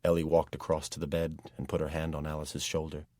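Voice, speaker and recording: A man reading a dark fantasy audiobook in steady, measured first-person narration, recorded on a close microphone. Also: very deep voice, no room sound.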